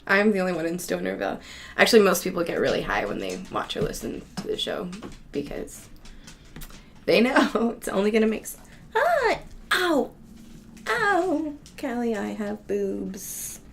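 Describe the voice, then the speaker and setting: A woman's voice: lowish voice, animated, a little fast, creaky, slight background noise. Woman, casual monologue, chatty, laughs often, swears a lot, home recording. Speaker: show host.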